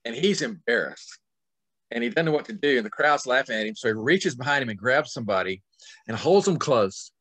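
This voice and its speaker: Male author guest, middle-aged, animated yarn-spinner, dry close recording. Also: mid-range voice, a little fast, dry recording. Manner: lively, acts out scenes with sudden loud and soft swings. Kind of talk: animated storytelling in conversation.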